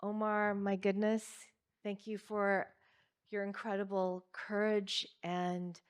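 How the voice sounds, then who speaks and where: A woman moderating an event, warmly thanking the speaker and closing the session. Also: medium pitch, flat delivery, slow pace, clear, resonant tone.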